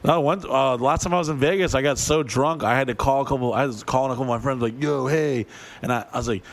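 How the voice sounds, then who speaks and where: A man's voice: medium pitch, fast. A man in casual chat telling crude, profane anecdotes and acting out the other people in them. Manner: profane storyteller who acts out voices. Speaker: touring performer.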